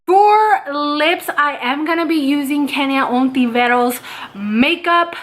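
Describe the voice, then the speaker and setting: This young woman in her twenties, from California, speaks in a high, bright, unhurried voice. She's a beauty vlogger chatting casually through a makeup tutorial, calling her viewers "you guys."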